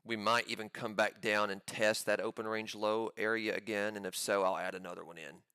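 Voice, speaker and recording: A man giving live commentary on his own trades, pumped up and talking in quick excited bursts. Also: on the low side, smooth, no room sound, clean studio sound. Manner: hyped, pumped-up chatter with sudden bursts.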